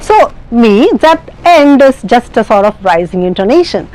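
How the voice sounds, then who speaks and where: Teaching IELTS speaking in a lecture, a woman with an Indian English accent explains at length, with many fillers and restarts. Her fairly high voice is very animated, a little slow and a little mellow, and the recording is rough.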